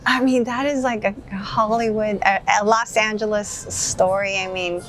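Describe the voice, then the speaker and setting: A woman's voice: medium pitch, normal speed, soft background music, poor audio. A woman hosting a podcast interview who asks questions and cheers her guest on. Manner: lively, encouraging interjections. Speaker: podcast host. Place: restaurant.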